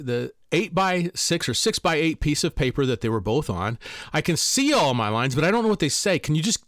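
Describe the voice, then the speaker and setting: A man with a fairly high voice tells a personal story as a coach, his pitch swinging widely and leaping up on the words he stresses. The recording is close and dry, with no room sound. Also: dry recording. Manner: animated and emphatic, pitch leaps on key words. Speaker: life coach.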